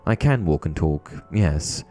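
A man voicing a mournful, resigned old male ghost who speaks quietly. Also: extremely low pitch, expressive, a little slow, faint music behind.

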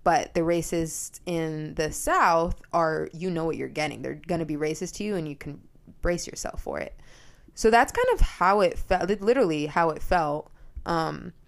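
A young woman talks straight into her podcast mic in a loose, unscripted monologue. She swears freely and speaks bluntly, and her delivery is animated. Her voice sits a little low for a woman. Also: moderate pace, creaky. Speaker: podcast host. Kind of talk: casual monologue.

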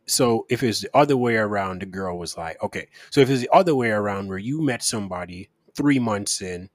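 A man's voice: lowish voice, animated, brisk, no echo, studio quality. A man co-hosting a casual talk, laying out a long-winded question and insisting on finishing. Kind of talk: casual chat.

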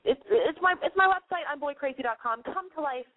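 A woman's voice: high-pitched, lively intonation, a little fast, no echo. A woman hosting a call-in advice podcast while sick, coughing and wheezing, talking in a brash, profane, playful way. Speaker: podcast advice show host. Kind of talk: casual call-in show monologue. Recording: phone-like narrow band.

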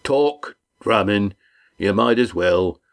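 A man reading the part of a tough innkeeper, speaking in a calm, dry, teasing way. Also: on the low side, slow pace, vocal fry, heavily acted. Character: tough, wry innkeeper, calm under threat.

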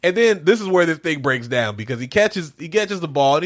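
A man's voice: fairly high pitch, big pitch swings, a little fast. A man chatting casually about a movie, telling the story with acted-out quotes and frequent laughter. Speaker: co-host. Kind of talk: casual chat reacting to a movie.

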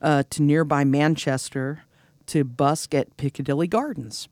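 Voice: medium pitch, fairly even intonation, measured pace, darkish tone, no room sound. Podcast host, chatty and giggly storyteller, sarcastic asides, dry close mic. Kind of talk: casual comedic storytelling chat.

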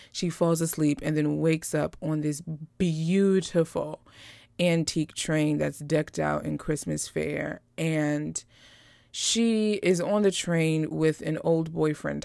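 Low gravelly woman, joking commentary. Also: no echo. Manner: animated, joking, slangy. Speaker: podcast host reviewing holiday movies. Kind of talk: casual commentary.

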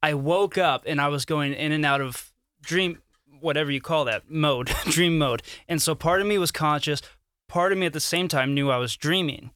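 A man co-hosting a podcast, telling a rambling, excited story in casual chat. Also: a little high, normal speed, clean tone, no room sound. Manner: enthusiastic, rambling with fillers. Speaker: podcast co-host.

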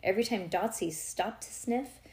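A woman reads a children's storybook aloud at home, pausing for casual chatty asides to her listener. Her voice is mellow and soft, pitched at an ordinary middle level. The delivery is relaxed and unpolished. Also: roomy sound. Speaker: reader to a child. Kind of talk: reading a children's book aloud.

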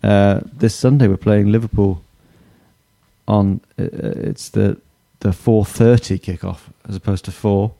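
A man hosting a casual football podcast talks slowly and haltingly, stopping to hunt for his words. He mocks himself as he rambles, in an easygoing chat. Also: lowish voice, steady tone, gravelly, warm tone, dry recording. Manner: hesitant, lots of fillers and restarts, self-mocking. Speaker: podcast host.

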